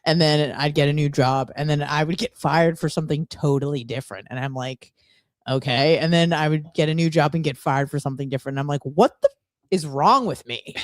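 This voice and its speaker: A woman's voice: low voice, steady tone, fast talker, hardly any pauses, dry recording, clean studio sound. A woman from Michigan, co-hosting a casual talk show and telling stories with wry self-mockery. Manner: wry, self-mocking storyteller. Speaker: podcast co-host. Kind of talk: casual chat.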